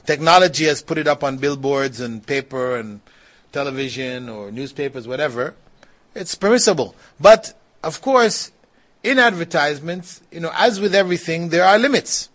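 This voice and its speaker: A man giving a relaxed religious lesson, talking conversationally, laughing now and then and often saying "you know". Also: fairly high pitch, moderate pace. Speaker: Islamic teacher. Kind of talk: religious lecture with questions.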